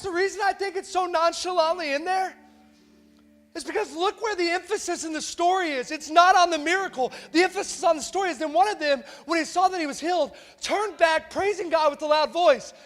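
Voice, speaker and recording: A man preaching a sermon in a church, emphatic, moving from hushed lines to shouts and slowing down to stress key words. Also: very high-pitched. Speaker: pastor. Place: church auditorium.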